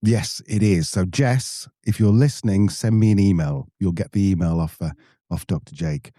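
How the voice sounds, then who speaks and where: A man's voice: low voice, normal speed, warm tone, dry recording, studio quality. A man with an English accent hosting a podcast, joking and teasing his co-host. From England. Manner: jokey, teasing. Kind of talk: casual chat.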